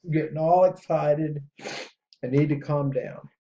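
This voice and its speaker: A man hosting a podcast in a casual, rambling monologue that gets excitable. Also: measured pace. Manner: excitable and rambling, jumps between pitches. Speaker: podcast host. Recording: dull lo-fi audio.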